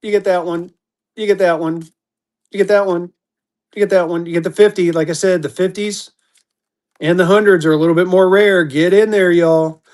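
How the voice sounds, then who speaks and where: A man's voice: high voice, fairly even intonation, normal speed, a little mellow. Hyped man running live auctions. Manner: hyped auctioneer patter, repeats calls. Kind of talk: live-stream auction selling.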